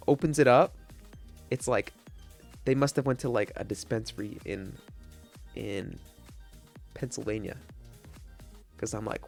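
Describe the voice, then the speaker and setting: A man's voice: medium pitch, brisk, faint music behind. A young man, casually telling a long rambling story to his stream chat, with lots of restarts and swearing.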